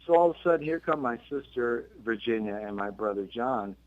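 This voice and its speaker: Man telling an animated story, lo-fi. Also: fairly quick, dry recording. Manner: animated storyteller acting out quotes with sudden pitch jumps and many restarts. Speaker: guest musician. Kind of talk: casual storytelling in an interview. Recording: dull lo-fi dry radio recording.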